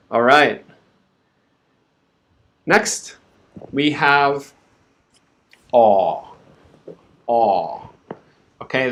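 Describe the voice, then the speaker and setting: This mid-range male voice belongs to a live-stream English pronunciation teacher. Speaking patiently, he splits words into individual sounds and says them again for learners to imitate.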